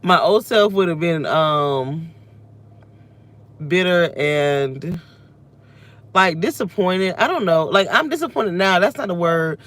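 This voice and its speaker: She has a lowish, fairly bright voice with lively intonation, talking slowly and pausing often. A vlogger in her thirties, she sits in a car venting and reflecting aloud, giving a rambling, self-reflective, emotional rant to camera.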